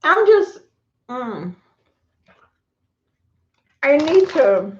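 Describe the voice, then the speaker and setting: Talking extremely slowly with big swings in her high pitch, a middle-aged vlogger chats with her viewers and pets during a casual live stream from home. The phone or camera mic recording has a little hiss or hum, with echoey room sound and a dull lo-fi quality.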